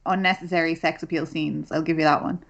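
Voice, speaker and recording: A woman chatting on a film review podcast, quick to interject with wry pushback. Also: low voice, fairly even intonation, vocal fry, highs cut off. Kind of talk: casual film review chat.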